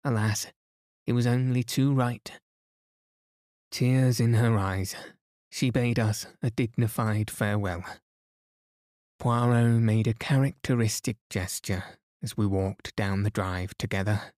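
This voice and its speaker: Man, bedtime story narration, soothing, low voice, very slow, dry close sound. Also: dry recording. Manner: soothing, steady. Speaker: podcast narrator. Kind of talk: calm bedtime story reading.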